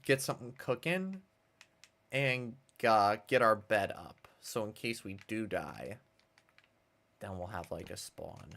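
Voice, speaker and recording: A man's voice: lowish voice, lively intonation, takes it slowly, vocal fry, fairly bright tone, slight background noise. A man streaming a game, chatting casually and nostalgically while he thinks aloud. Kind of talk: casual gameplay commentary. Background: faint game music.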